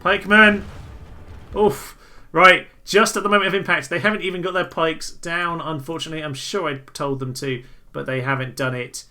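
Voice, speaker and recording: A young man giving casual, jokey commentary over a strategy game, breaking into loud excited exclamations. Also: fairly high pitch, fairly quick. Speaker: gaming video host.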